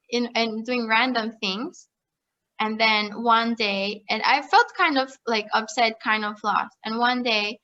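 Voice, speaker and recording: A young woman telling her story as a podcast guest, chatty and animated, with lots of "like" and frequent laughter. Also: fairly high pitch, muffled recording. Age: young adult. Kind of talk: casual storytelling interview.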